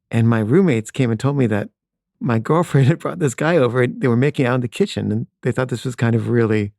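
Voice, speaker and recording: Middle-aged male storyteller, mid-pitched voice, plain candid delivery with a wry edge. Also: darkish tone, dry recording, clean studio sound. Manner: candid, matter-of-fact recounting with wry asides. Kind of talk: personal storytelling.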